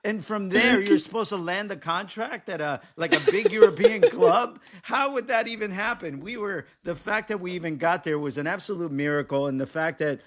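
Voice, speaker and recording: Middle-aged man, high bright voice, casual podcast chat, frequent laughter. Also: animated, normal speed, few pauses. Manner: laughing often while telling old stories. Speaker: former national team player and analyst.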